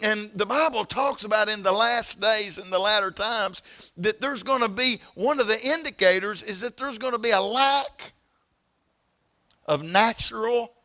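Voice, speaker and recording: High, bright-voiced Southern preacher man. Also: measured pace. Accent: Southern US, East Tennessee. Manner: storytelling preacher, repeats words, stretches key phrases. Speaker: pastor. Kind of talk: sermon. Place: church sanctuary.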